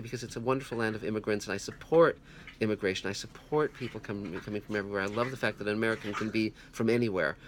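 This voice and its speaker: A man giving a casual spoken film review at home, earnest and halting, with many restarts. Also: fairly low pitch, slight background noise. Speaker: film reviewer, channel host. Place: home, puppies heard nearby. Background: puppies growling.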